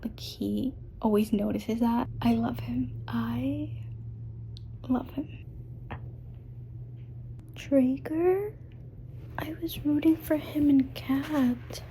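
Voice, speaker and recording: A young woman chatting casually in a reading vlog, gushing as a fan and often dropping to a hushed, whispery voice. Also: sits high, fairly even intonation, slow pace, long pauses, slight background noise, poor audio. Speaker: book vlogger.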